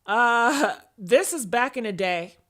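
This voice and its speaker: A woman with a high, bright voice hosts a gossip show in a loose, unhurried drawl. She is blunt, laughs at her own jokes, and admits she can be mean. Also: lively intonation. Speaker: commentary show host. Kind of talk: casual gossip commentary.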